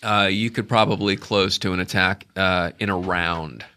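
A man narrates a tabletop adventure as game master. His voice is low-set but bright and forceful, and he wanders through his sentences with lots of fillers. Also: fairly even intonation, moderate pace, clean tone. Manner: rambling, full of uh fillers.

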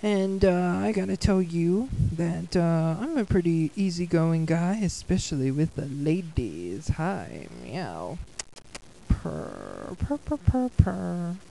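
Woman playing a laid-back male cartoon cat, slow and rambling, lowered voice. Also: lively intonation, gravelly, mellow, slight background noise, low-quality recording. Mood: easygoing. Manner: rambling, halting, chuckling. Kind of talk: fan-made cartoon voice acting.

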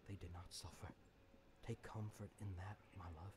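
A man doing a resigned, grieving father from a video game cutscene. His voice sits low and speaks with quiet solemnity. Loud noise runs beneath the game audio. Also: steady tone, moderate pace, natural voice. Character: grim grieving father who killed his children.

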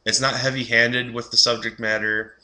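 A man's voice: medium pitch, flat delivery, moderate pace, pushed and bright. A young man giving a casual, rambling film review, full of fillers and restarts.

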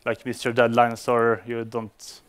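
A man's voice: medium pitch, completely flat delivery, unhurried, smooth. A man giving a conference talk to developers, speaking English as a non-native speaker, with frequent fillers and restarts. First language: Swedish. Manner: hesitant, many fillers and restarts.

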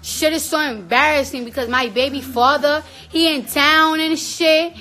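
A woman's voice: high-pitched, normal speed, sharp tone, low-quality recording. A woman chatting casually on a livestream, blunt and profane, cooing at her baby now and then. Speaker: livestream host.

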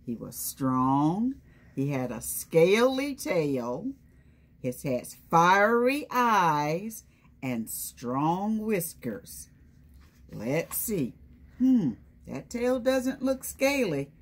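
A woman's voice: fairly low pitch, very animated, extremely slow. A woman reading a picture book aloud to young children, stopping often to ask them questions and call on them by name. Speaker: children's storytime presenter.

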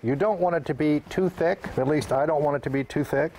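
A man's voice: on the high side, brisk, a little mellow, a little hiss or hum. A man hosting a cooking show, talking folksy and chatty while he makes pizza. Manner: chatty, folksy kitchen talk. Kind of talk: upbeat cooking demonstration.

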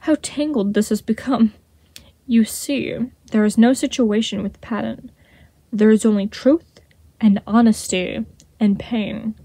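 Sly snake guy purring and mocking, smooth honeyed voice, mellow and dry, a woman reads him. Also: a little high, steady tone, unhurried, no echo.

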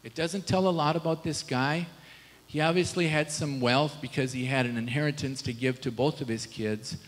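A man's voice: on the high side, fairly even intonation, normal speed, in a large hall, rough recording. A male pastor preaching a sermon in a casual, conversational way, often asking the congregation rhetorical questions. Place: church sanctuary.

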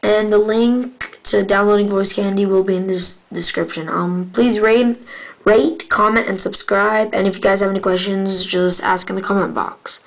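A woman's voice: medium pitch, fairly even intonation, normal speed, gravelly, rough recording. A woman hosting a casual app tutorial, rambling and correcting herself as she talks to viewers. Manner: rambling, self-correcting, addresses viewers as guys. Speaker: channel host showing software.

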